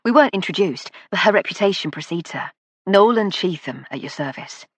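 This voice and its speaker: A genial, talkative middle-aged man with a Lancashire accent, as a woman narrator puts him on. His voice carries a touch of husky breath and stays friendly and easy. He talks freely and warmly to his hosts. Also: mid-range voice, animated, fairly quick, dry recording. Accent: northern English, Lancashire. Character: affable middle-aged northern male film producer.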